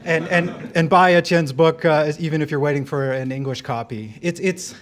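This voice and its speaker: A man giving a live speech at an event, wry and joking, with quick asides to the room. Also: fairly high pitch, fairly even intonation. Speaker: event speaker and director of an advocacy group.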